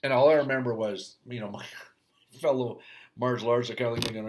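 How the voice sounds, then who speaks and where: A man's voice: mid-range voice, steady tone, fast, background noise. A middle-aged man and hockey coach, talking through a casual reflective rant, rambling with many restarts.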